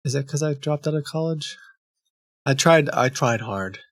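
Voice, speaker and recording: A man's voice: fairly high pitch, animated, moderate pace, a bit bright, dry recording, clean studio sound. A man streaming live, chatting casually and reading chat logs aloud with many ums and restarts.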